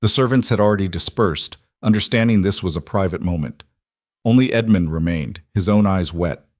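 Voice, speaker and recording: A man narrating a romance story in a measured, dramatic way. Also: deep voice, darkish tone, dry recording, clean studio sound.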